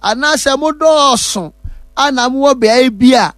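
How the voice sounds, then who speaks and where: High-voiced Ghanaian man preaching. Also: takes it slowly, fairly bright tone, no echo, clean studio sound. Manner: emphatic, repetitive, preacherly. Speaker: pastor. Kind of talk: testimony and church announcement.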